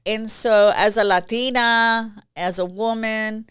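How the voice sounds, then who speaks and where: Crisp-voiced woman telling animated stories. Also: fairly high pitch, takes it slowly, no room sound, clean studio sound. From Puerto Rico. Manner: animated storytelling, acts out quotes, laughs often. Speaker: guest, actress and comedian. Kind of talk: casual interview chat.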